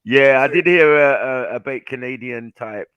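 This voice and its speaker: A man's voice: medium pitch, normal speed, a bit bright, muffled recording. A man joining a live online panel over a video call, chatting casually in slang and laughing often. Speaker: panel guest. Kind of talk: casual chat.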